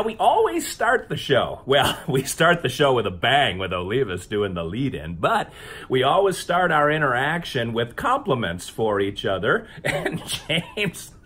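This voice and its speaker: Brief: bright, lively male co-host, a little buzzed, laughing through casual banter. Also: mid-range voice, unhurried, slightly rough. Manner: animated, laughing, tipsy. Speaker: podcast co-host.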